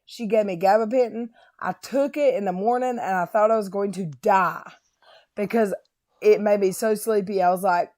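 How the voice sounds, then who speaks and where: A woman's voice: mid-range voice, moderate pace, a little mellow. A woman hosting a live stream, reading chat comments aloud and chatting casually about her own experiences.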